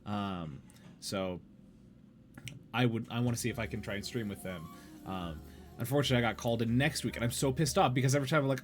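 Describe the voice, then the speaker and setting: Brief: young male stream host, mid-pitched, rambling and chatty, faint music underneath. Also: fast, pauses often. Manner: rambling, chatty, reads chat aloud. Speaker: podcast host. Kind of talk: casual livestream chat.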